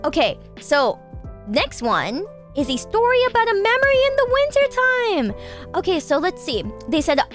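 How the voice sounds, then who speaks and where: A woman's voice: very high-pitched, big pitch swings, moderate pace, fairly bright tone, faint music behind. A woman hosting a casual stream show, chatting and reading listener stories while gushing and laughing often. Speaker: streamer hosting a call-in style radio show.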